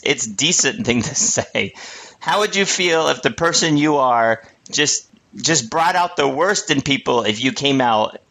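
A man's voice: mid-range voice, pushed and bright. A man co-hosting a podcast, chatting casually and mockingly, cursing and laughing often. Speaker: podcast co-host. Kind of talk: casual comedic commentary.

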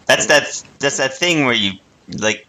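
A man co-hosting a podcast, trading deadpan ironic quips and laughing often. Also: medium pitch, a little slow, a crowd in the background. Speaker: podcast co-host. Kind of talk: casual comedic chat.

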